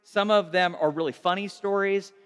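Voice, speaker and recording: Storytelling male pastor with a higher-pitched voice. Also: fairly even intonation, normal speed, clear, resonant tone, long reverb tail, soft background music. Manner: conversational, self-deprecating, repeats and restarts. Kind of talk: casual storytelling sermon.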